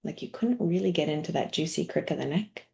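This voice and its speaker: A middle-aged woman coach leading a guided body practice in a workshop, speaking gently with soft, near-whispered asides. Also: deep voice, expressive, brisk, vocal fry, dull audio.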